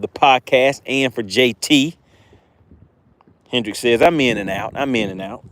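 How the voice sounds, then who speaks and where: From a boat on a windy lake, an excitable man hosts a live fishing stream in a mid-range voice. He speaks directly to viewers, repeating his phrases with eager energy.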